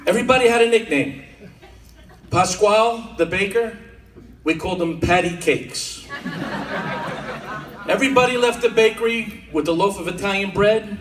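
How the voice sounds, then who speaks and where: A man's voice: high voice, moderate pace, pauses often. A man doing a stand-up comedy set as a wisecracking storyteller, on a comedy club stage with audience laughter behind him. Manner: wisecracking storyteller, mock-tough Italian-American bits. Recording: roomy club audio from a distance. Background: audience laughter and club ambience.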